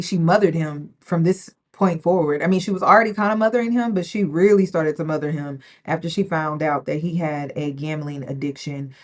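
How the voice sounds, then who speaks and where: A woman hosting a reaction channel, chatting casually and speaking straight to her women viewers. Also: fairly low pitch. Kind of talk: casual commentary on a story.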